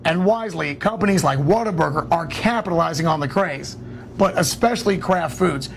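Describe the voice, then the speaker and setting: A man's voice: fairly high pitch, animated, a little fast, vocal fry, slight background noise. A man reading a scripted local news report.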